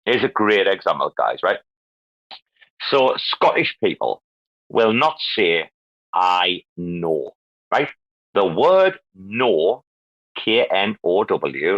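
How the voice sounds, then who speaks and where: A man's voice: on the low side, no echo. A man hosting a casual chat, ranting heatedly with lots of swearing and fillers. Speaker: host. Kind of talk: casual chat on a live audio room. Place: lives in Asia. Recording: dull lo-fi dry sound.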